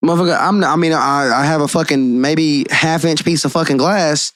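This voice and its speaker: A man co-hosting a podcast in casual chat, telling stories in a profane, animated way. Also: on the high side, moderate pace, no room sound. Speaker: podcast co-host.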